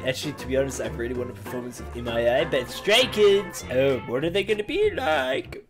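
A man hosting a casual reaction video, talking in a playful, exaggerated, excitable way. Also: on the high side, moderate pace, few pauses, over music.

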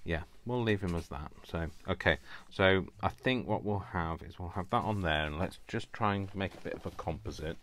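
A man with a very low voice chats away at his craft table, rambling and poking fun at himself. A faint hiss sits under his voice. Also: normal speed, few pauses, fairly bright tone. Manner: rambling, chatty, self-mocking, laughs often. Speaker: crafting video host. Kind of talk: casual chat while crafting.

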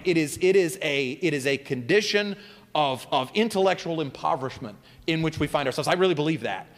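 A man answering audience questions as a guest philosopher at a public talk, speaking in an animated, expansive way with spirited emphasis. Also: a little high. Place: lecture hall at a college event. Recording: hall reverb.

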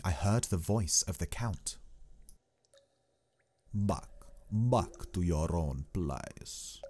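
A man reading a classic novel aloud as scripted narration, calm and even. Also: sits low. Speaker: audiobook reader.

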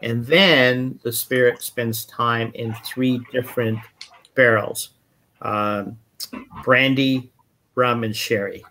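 Male whisky importer guest, relaxed storyteller, video-call audio, mid pitch. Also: slow pace, slight background noise. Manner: relaxed storyteller, many fillers. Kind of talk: casual chat.

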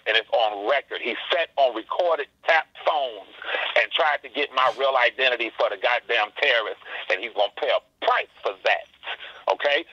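A man's voice: medium pitch, pushed and bright, breathy edge, no echo, lo-fi sound. A man calling in to a live stream, ranting angrily and swearing, repeating his points. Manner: angry, swearing, repeats himself. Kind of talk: heated call-in rant.

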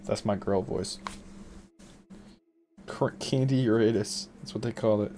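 A man's voice: on the low side, unhurried. A male streamer giving casual live commentary on a game, reacting with frequent swearing. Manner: profane, reactive, animated. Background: video game music.

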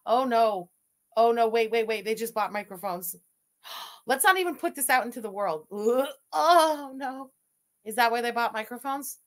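A woman's voice: on the high side, animated, normal speed. Sarcastic woman mocking a stream. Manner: sarcastic, scathing, swears freely. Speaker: commentary host reacting to a livestream. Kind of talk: mocking reaction commentary.

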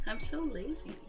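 Casual woman streamer, higher voice, unhurried, giggly, music underneath. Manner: chatty, talks to viewers while working, giggles often. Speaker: streamer painting with watercolors. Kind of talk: casual livestream chat.

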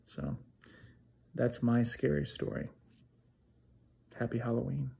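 A man casually telling a true ghost story to camera, acting out the dialogue with lively energy. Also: medium pitch, slow, creaky. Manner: animated, acts out quoted dialogue.

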